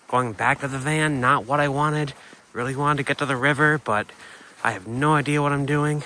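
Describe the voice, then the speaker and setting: Man, van-life vlogger, bright tone, casual chatty narration, thinking out loud. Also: mid-range voice, steady tone, moderate pace, slight background noise. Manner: thinks aloud, unsure and chatty. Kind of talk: casual vlog narration to camera.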